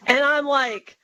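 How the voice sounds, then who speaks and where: A woman guest on an interview show, telling a story with animation and acting out what she and others said. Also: high voice. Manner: animated, quotes herself and others in lively voices. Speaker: guest author. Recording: dull lo-fi recording.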